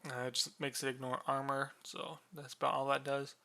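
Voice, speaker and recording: A man casually explaining the rules of a board game unit, relaxed and drowsy, with many fillers and yawns. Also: medium pitch, brisk, gravelly.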